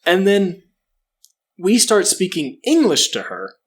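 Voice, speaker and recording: A man's voice: high voice, wildly swooping pitch, slow pace. A man co-hosting a casual comedy podcast, ranting profanely and doing mocking impressions. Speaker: podcast co-host.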